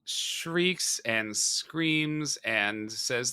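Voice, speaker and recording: Bright-voiced man hosting a podcast. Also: medium pitch, lively intonation, very slow, clear, resonant tone. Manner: laughs often, loose and profane. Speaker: podcast host. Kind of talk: casual chat recapping a film.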